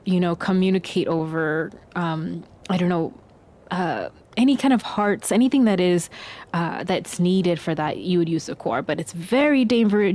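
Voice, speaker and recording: A woman's voice: on the low side, darkish tone, lightly acted. A woman voicing a chatty male herbology professor who rambles through a lecture. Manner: rambling explanation.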